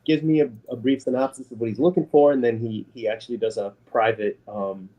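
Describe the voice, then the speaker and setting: A man being interviewed as a guest artist, telling a story with lively, acted-out quotes. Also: brisk, lo-fi sound. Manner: animated storyteller, acts out quotes in a higher voice.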